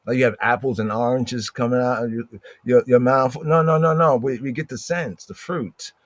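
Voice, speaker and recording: A man teaching a scripture study, talking conversationally, reading verses aloud slowly and often checking in with "right?". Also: medium pitch, steady tone, no echo. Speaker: Bible teacher.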